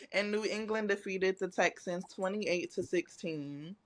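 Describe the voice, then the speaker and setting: A man's voice: sits high, a little slow. Man moderating a sports podcast. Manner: steers the talk to new topics. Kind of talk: casual sports chat with read segment intros.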